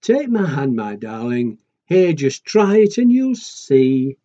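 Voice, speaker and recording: A man doing a gentle mother penguin. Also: medium pitch, very animated, slow. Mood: coaxing. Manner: soothing and encouraging. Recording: dull lo-fi recording.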